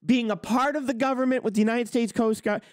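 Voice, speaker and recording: A man's voice: extremely high pitch, steady tone, a little fast, dry recording, clean studio sound. A man in his forties hosting a show, delivering a blunt, boastful rant full of profanity. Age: 40s. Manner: blunt, boastful, swears constantly. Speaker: host.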